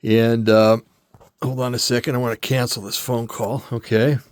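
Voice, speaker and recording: A man's voice: mid-range voice, little pitch movement, moderate pace, a little mellow, clear, resonant tone, no room sound, clean studio sound. An older man casually demonstrating a tool, rambling and correcting himself often, a little out of breath. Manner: rambling, self-correcting, lots of fillers. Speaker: metal casting hobbyist showing a tool.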